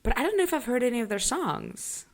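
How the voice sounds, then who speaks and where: A woman's voice: a little high, sing-song. Chatty laughing woman podcast co-host. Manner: chatty, laughs often, quick asides. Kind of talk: casual chat.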